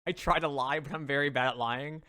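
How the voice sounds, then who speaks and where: A man's voice: fairly high pitch, steady tone, a little fast, bright, forceful tone, clean tone, no echo, studio quality. A man playing a tabletop game, playful and stammering in casual chat. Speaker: player.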